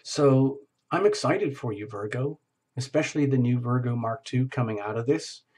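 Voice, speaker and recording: A man's voice: medium pitch, normal speed, a little mellow, slightly rough. A man giving a solo tarot reading, enthusiastic and rambling, often repeating his phrases. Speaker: tarot reader.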